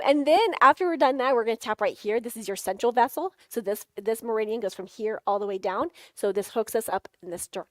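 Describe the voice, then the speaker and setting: A woman's voice: mid-range voice, no echo. A middle-aged woman giving a live sales workshop, playfully coaching the audience through tapping exercises with jokey asides and frequent laughs.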